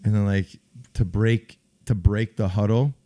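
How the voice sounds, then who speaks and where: A middle-aged man with a fairly low voice chats casually about sports as a podcast co-host. He tells stories with animation and breaks into loud acted quotes from teammates. He talks in a relaxed, offhand way. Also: a little slow. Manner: animated storyteller, acts out loud shouted quotes. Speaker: podcast co-host, former pro football player. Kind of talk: casual sports chat and storytelling.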